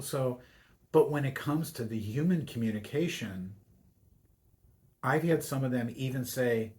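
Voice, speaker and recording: An older man at a middle pitch talks as a guest on a radio show. He speaks in a reflective, story-telling way and slips into the voices of the people in his anecdotes. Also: a little mellow. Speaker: university chaplain, Jesuit priest.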